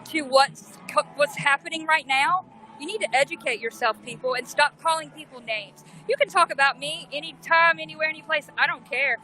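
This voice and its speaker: A woman's voice: high-pitched, brisk, music in the background, poor audio. A woman with a Southern US accent, livestreaming on her phone, talking bluntly and indignantly in a defiant rant. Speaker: livestreamer at a protest.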